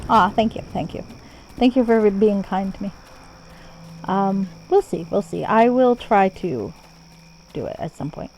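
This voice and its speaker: A woman's voice: mid-range voice, darkish tone, slight background noise, poor audio. A woman streaming a game from home, casual and self-deprecating, swearing when the game annoys her. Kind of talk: casual live-stream commentary.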